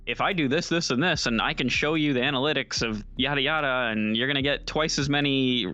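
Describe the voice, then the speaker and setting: A man co-hosting a casual podcast, chatty and quick, with lots of fillers and asides. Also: mid-range voice, pushed and bright. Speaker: podcast co-host. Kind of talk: casual chat.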